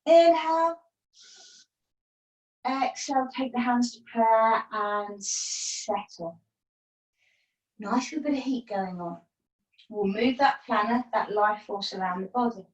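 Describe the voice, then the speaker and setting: A woman teaching a yoga class from home over a video call, giving calm breath cues with playful asides. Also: a little high, slow pace, pauses often. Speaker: yoga instructor. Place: at home, partner downstairs. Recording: roomy, distant from the mic.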